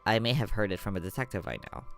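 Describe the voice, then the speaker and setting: A man voicing a calm, polite male private investigator with a measured delivery. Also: lowish voice, faint music behind, pitched below the performer's own voice, natural voice. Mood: dry.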